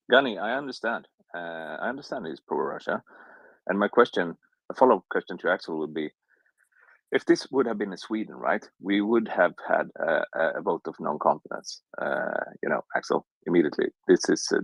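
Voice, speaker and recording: A man with a very low voice full of vocal fry puts questions to a live panel. He stops and restarts as he searches for the words. The recording is dry. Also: lively intonation, no echo, rough recording. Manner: hesitant, halting questions. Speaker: audience member asking questions. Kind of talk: casual panel discussion.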